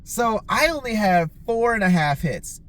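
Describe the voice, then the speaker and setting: A man hosting a podcast, telling casual stories in a rambling, heavily profane way, with lots of "like" fillers and his own quotes acted out in sudden jumps of pitch. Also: very animated, measured pace, fairly bright tone. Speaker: podcast host. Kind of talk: casual storytelling.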